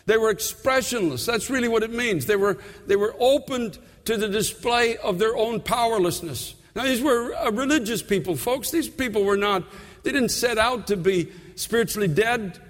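High-voiced preacher in an echoing hall. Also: male voice. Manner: earnest, repeats words, slows for emphasis. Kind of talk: sermon.

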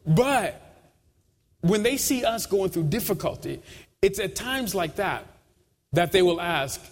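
A man preaching a sermon with steady, emphatic delivery and repeated phrases. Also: sits high, a little slow, pauses often. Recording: long hall reverb.

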